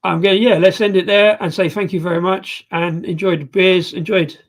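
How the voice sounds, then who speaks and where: A man's voice: sits high, little pitch movement, brisk. A man hosting a live beer review stream, chatting casually and joking, rambling with restarts. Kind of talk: casual chat.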